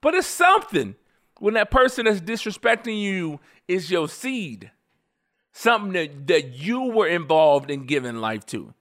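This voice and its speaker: A man in his forties with a somewhat high-pitched voice, talking casually and telling stories at length. His delivery is animated and emphatic, full of slang, and he laughs often. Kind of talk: casual storytelling commentary.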